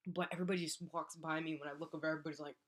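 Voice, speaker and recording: Animated young woman telling a story. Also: sits low, racing. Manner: animated, acts out voices in her story. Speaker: college athlete. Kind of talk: casual storytelling vlog.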